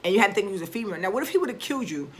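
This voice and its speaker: A woman's voice: medium pitch, very animated, very fast. A woman vlogger ranting to camera in a casual, blunt and profane way, with emphatic bursts and frequent restarts.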